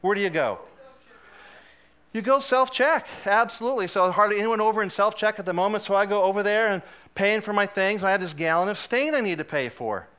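A man preaching a sermon, telling a funny personal story with lively, self-deprecating humor and frequent laughs. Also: high-pitched, fast, clean tone. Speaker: guest preacher.

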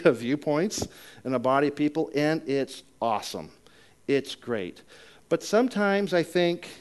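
A man preaching a conversational sermon, telling a personal story with chatty asides, rising loud and high in exciting parts and dropping low and soft to reflect. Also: smooth. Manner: chatty asides and self-deprecating humor.

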